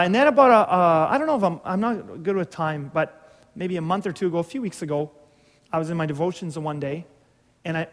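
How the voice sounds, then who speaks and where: High-voiced man preaching in a reverberant hall. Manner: conversational storytelling with restarts and humor. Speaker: pastor. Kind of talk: sermon.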